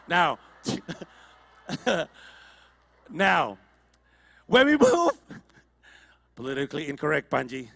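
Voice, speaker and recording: High-voiced, gravelly Indonesian comedian. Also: male voice, a bit bright, in a large hall. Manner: chatty, teasing the audience. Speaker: stand-up comedian. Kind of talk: stand-up comedy set. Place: large ballroom stage.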